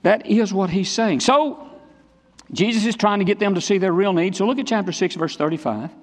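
A high-pitched male pastor delivers a sermon with emphatic, repeated phrases and pointed questions to the congregation. His voice rings out in a large church sanctuary, trailing a long reverb. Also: brisk. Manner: emphatic, repetitive preaching with direct questions.

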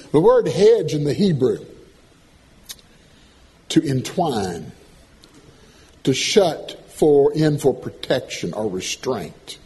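A man preaching a sermon, folksy and animated, swinging from loud calls to soft asides. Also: fairly high pitch.

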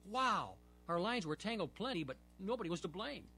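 A man reading a children's story aloud, with expressive, lively storytelling. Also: high voice, normal speed, a little hiss or hum.

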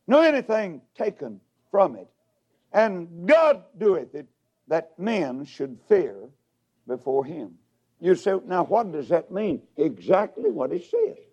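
A preacher with a high, lively voice delivers a revival sermon. He climbs to shouted peaks and drops to near whispers in a sing-song cadence, taking his time. The recording sounds dull and lo-fi. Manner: shouting, sing-song swoops between loud highs and hushed drops.

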